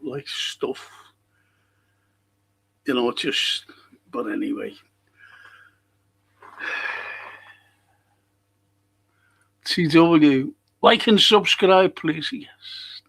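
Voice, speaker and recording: A man's voice: mid-range voice, very slow, vocal fry, pauses often, a bit bright, breathy edge, poor audio. A man hosting a casual live stream, chatty and rambling as he reads out viewer comments.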